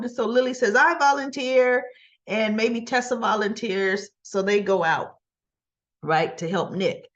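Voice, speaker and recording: A woman's voice: a little high, unhurried, lo-fi sound. A woman in a casual, chatty recap vlog, retelling scenes and paraphrasing the dialogue. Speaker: soap opera recap vlogger.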